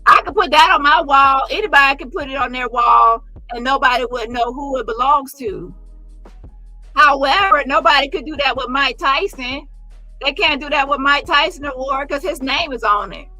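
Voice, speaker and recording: High bright sassy woman commentator. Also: moderate pace, no room sound, soft background music, rough recording. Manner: sassy, profane, mocking impressions. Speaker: commentary vlogger. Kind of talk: casual commentary on photos.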